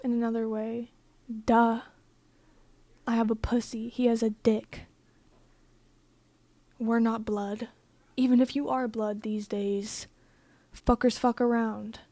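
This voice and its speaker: A young woman with a fairly high but flat, monotone voice tells a personal story to camera. Her tone is mellow and the sound is dry and close. She talks bluntly, swears freely and peppers her speech with "like". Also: slow, pauses often, dry recording. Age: young adult. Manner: blunt, profane and emphatic, with many filler "like"s. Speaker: vlogger. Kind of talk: casual storytime monologue.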